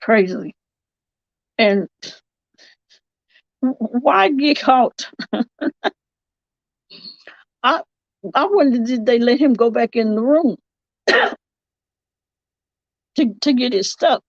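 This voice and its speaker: A woman with a drawl talks slowly through a casual livestream, her voice gravelly with a lot of fry. She rambles and backtracks as she comments. The sound is dry and slightly dull, like lo-fi stream audio. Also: on the high side, animated, no room sound. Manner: rambling, drawn-out, self-correcting. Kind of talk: casual live-chat commentary.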